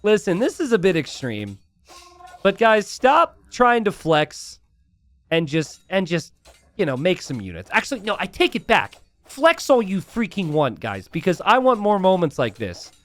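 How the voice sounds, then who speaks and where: Lively, animated male game caster. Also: sits high, normal speed. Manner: excitable, bursts into shouts and laughter at big plays; chatty, relaxed asides with fillers. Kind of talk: casual strategy game commentary.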